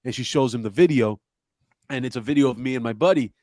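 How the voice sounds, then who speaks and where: A man from South Florida spins stories in a deadpan, profane way. His voice sits at an ordinary middle pitch. The sound is dry and close to the mic. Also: fast, no room sound. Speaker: guest comedian. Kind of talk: casual podcast chat, storytelling.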